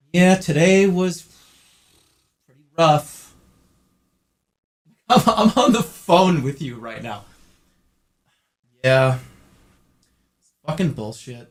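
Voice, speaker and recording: A man streaming live in casual chat, excitable and prone to loud, incredulous outbursts. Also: fairly high pitch.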